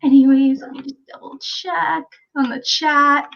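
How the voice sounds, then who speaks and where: A woman's voice: high voice, fairly even intonation, measured pace, creaky, muffled recording. A woman hosting a casual livestream chat, talking in a chatty way and reading viewer comments aloud. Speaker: livestream host.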